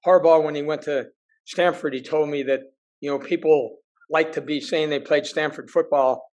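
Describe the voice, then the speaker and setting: A man's voice: on the high side, fairly even intonation, moderate pace, darkish tone, low-quality recording. Older man, a plain-spoken former recruiter. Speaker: former football recruiter, interviewer. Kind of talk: casual chat.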